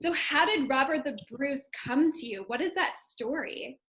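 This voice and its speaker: A woman's voice: high voice, moderate pace, fairly bright tone, rough recording. A woman interviewing an actor, asking brief, direct questions.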